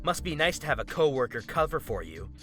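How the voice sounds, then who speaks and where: A man's voice: a little high, big pitch swings, fairly quick, fairly bright tone, faint music behind. A man voicing a furious, entitled middle-aged woman shopper who screams indignantly. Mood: shrieking. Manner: shrieking, indignant.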